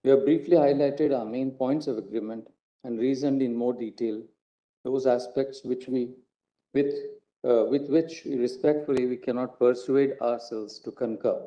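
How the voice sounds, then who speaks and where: A man's voice: medium pitch, steady tone, normal speed, dark tone. A man with an Indian English accent, a judge reading a court judgment aloud formally and carefully, sometimes correcting himself. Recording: dull lo-fi courtroom broadcast.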